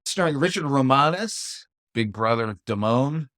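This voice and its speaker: A man co-hosting a podcast in casual chat, rambling and breaking into loud exclamations. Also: mid-range voice, expressive, moderate pace, no room sound, clean studio sound. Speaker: podcast co-host.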